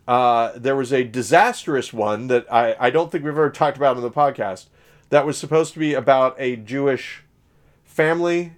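A man from Southern Illinois co-hosts a podcast in a loose, conversational way. His voice sits at an ordinary pitch, and he wanders through his thoughts with plenty of "uh"s and restarted sentences. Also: normal speed. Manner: rambling, many fillers and self-corrections. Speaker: podcast co-host. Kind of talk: casual conversational chat.

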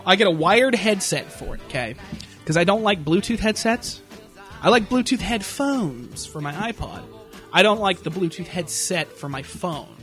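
A young man ranting in a casual comedic way, swearing a lot and acting out shouted impressions. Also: a little high. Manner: profane, animated, yells impressions of people.

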